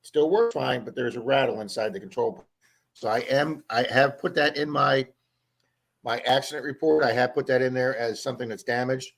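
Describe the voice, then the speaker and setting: A man's voice: medium pitch, brisk, rough recording. A man hosting a casual livestream chat, telling long stories and often repeating words as he goes. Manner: chatty storyteller, repeats words. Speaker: livestream host.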